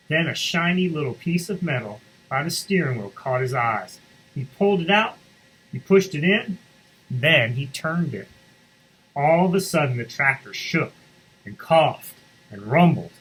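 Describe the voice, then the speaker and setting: On morning announcements, a school reader with a husky, medium-pitched voice reads a picture book aloud to students, stopping now and then to explain things. His storybook delivery is expressive, and the recording is low quality.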